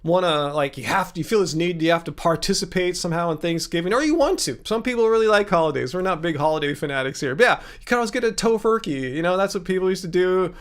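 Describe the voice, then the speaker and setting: A man's voice: sits high, animated, fast talker, hardly any pauses. A man in his thirties hosting a casual livestream, rambling and joking with many fillers and restarts. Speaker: livestream host answering viewer questions.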